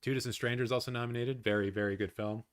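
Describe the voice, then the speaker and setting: A man hosting a live watch-along stream, chatting casually with his viewers, swearing often and reacting loudly. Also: medium pitch, quick pace. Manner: excitable, swears a lot, talks to chat.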